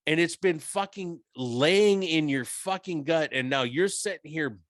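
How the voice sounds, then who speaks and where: A man's voice: on the high side, unhurried, no echo, studio quality. A middle-aged man co-hosting a podcast in blunt, profane, casual chat. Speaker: podcast co-host.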